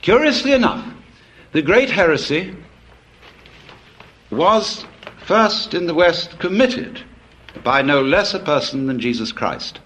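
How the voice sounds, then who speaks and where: A man's voice: fairly high pitch, big pitch swings, slow, long pauses, fairly bright tone. A man giving a public lecture, telling stories in a wry, discursive way with frequent asides.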